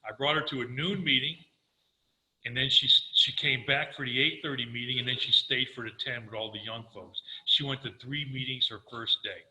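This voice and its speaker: A man's voice: mid-range voice, moderate pace, echoey room, low-quality recording. An older man giving a personal recovery talk, telling his story earnestly and acting out the conversations. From Florida. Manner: earnest storytelling, quoting himself, animated. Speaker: recovery speaker.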